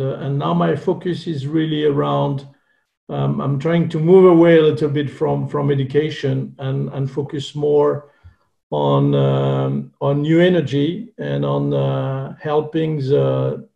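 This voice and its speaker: A man in his sixties with a French accent speaks slowly, in a gravelly, mellow voice. He stops and restarts often while introducing himself. The sound is dull, lo-fi video-call audio. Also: medium pitch. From France. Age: 60s. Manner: halting, many fillers and restarts. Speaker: investor panelist.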